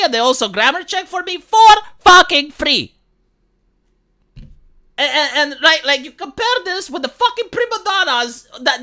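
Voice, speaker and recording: A woman with a Montreal accent ranting profanely to her live-stream audience. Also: high-pitched. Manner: profane, exasperated, fast and animated. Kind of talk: casual live-stream rant.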